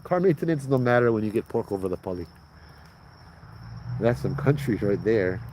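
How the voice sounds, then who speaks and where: A man from Hawaii with a Hawaiian Pidgin accent hosts a casual storytelling livestream, spinning ghost stories outdoors at night beside a road. His fairly low, expressive voice moves at a normal pace over a noisy background, and his delivery is loose, laughing and full of slang.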